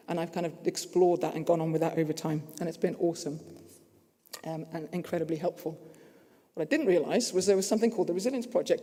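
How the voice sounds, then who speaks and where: This conference speaker, a man with a New Zealand accent, tells stories earnestly in his talk, his voice high-pitched and mellow. The hall he speaks in is echoey.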